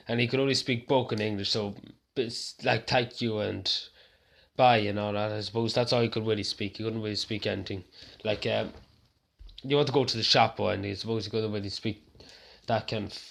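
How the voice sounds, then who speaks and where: Irish male vlogger, gravelly voice, rambling casual monologue with restarts. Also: on the low side, a bit bright. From Ireland.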